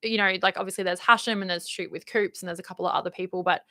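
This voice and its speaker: A young woman with an Australian accent and a touch of Valley Girl inflection, talking in a loose, rambling way packed with "like" and "um". Her voice is bright and a little low for a woman, recorded close and dry. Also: steady tone, rapid-fire, no echo. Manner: upbeat, rambling, uses many fillers like "like" and "um". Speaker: YouTube host reading live chat. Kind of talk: casual livestream chat.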